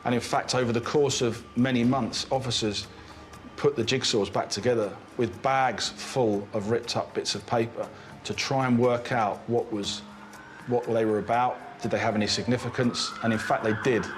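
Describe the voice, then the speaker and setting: A man's voice: medium pitch, steady tone, normal speed, soft background music. A man, a police detective giving a documentary interview, who often restarts and repeats words.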